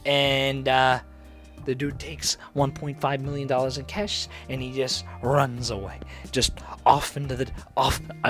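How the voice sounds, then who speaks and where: Young male comedic host, mid-pitched, loose rambling delivery, jokes at himself. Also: moderate pace, a bit bright, soft background music. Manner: rambling, jokey, self-interrupting. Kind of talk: casual comedic storytelling.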